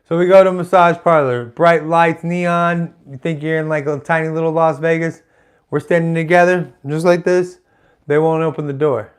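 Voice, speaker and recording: A man's voice: on the high side, fairly even intonation, moderate pace, smooth. A man doing live stand-up comedy, telling a rambling story full of restarts and asides. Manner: rambling, self-interrupting, chatty asides.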